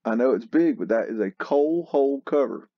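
A man hosting a casual photo tour, slowly musing and exclaiming at what he sees. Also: mid-range voice, animated, dry recording, muffled recording. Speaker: host narrating a photo tour. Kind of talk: casual commentary over photos.

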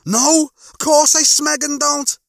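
A man voicing Lister, a panicky young male spacefarer of twenty-five, with shrill, exasperated outbursts. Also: steady tone, takes it slowly, vocal fry, fairly bright tone, dry recording, studio quality, exaggerated voice. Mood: alarmed.

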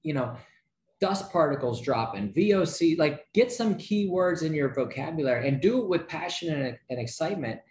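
A man giving a motivational sales training talk, energetic, with rhetorical questions and frequent checks like "right?" to his listeners. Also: a little high, normal speed, echoey room, a little hiss or hum.

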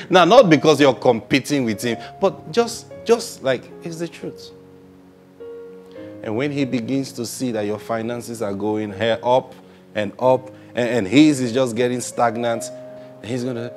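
Animated male preacher, faint music behind. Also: mid-range voice, measured pace. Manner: animated, rhetorical questions, acts out quotes; repeats phrases, answers own questions. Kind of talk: sermon.

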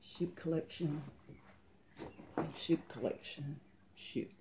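A woman giving a casual home video tour of her collection, naming the items one by one in a halting way. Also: low voice, gravelly, noisy background.

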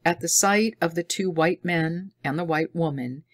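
A woman narrating an adventure audiobook in a measured, deliberate reading. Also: lowish voice, no room sound.

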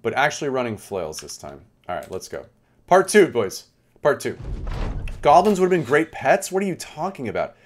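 A man's voice: mid-range voice, normal speed. A young man giving chatty live game commentary, talking to his chat as he plays. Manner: chatty, animated, talks to chat. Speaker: streamer.

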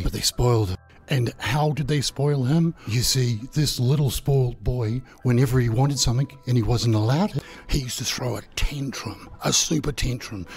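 A man telling a crude, mocking fairy tale, playful and unhurried, with chuckles between lines. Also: medium pitch, creaky. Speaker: storyteller and channel host. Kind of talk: crude comic storytelling.

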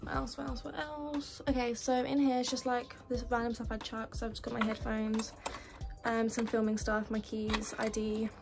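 Young woman, casual room-tour vlogger, even delivery, music bed behind. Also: fairly high pitch, moderate pace, creaky. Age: young adult. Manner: chatty, listing items as she goes. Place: student bedroom in university housing. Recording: music playing under the voice.

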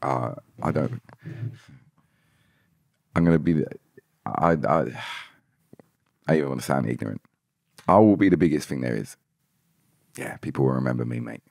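A man's voice: extremely low pitch, expressive, normal speed, vocal fry, pauses often, a little mellow, no echo, studio quality. A man guest on a podcast, talking emphatically and repeating himself. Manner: emphatic, repeats phrases like "hundred percent". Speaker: musician guest. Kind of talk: podcast conversation.

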